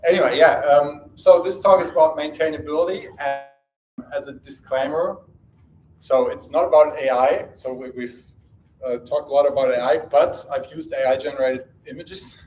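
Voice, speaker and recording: A man's voice: on the high side, fairly even intonation, normal speed, a little mellow. A man from Germany, giving a live conference talk in a casual, self-correcting way with many fillers. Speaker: conference speaker. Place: conference room. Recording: echoey conference room.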